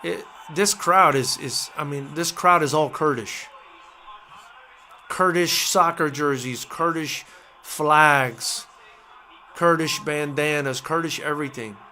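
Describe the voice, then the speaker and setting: A man hosting a live boxing companion stream, talking excitedly and emotionally, repeating himself as he reacts. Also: fairly high pitch, slow. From United States. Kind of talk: live fight companion commentary.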